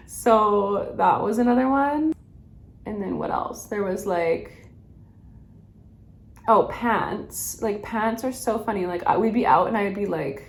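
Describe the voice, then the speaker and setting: Young woman, rambling makeup chat, laughs a lot, gravelly fry, roomy sound. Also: medium pitch, normal speed. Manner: rambling, lots of "like", laughs often. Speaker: beauty vlogger. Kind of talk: chatty get-ready-with-me.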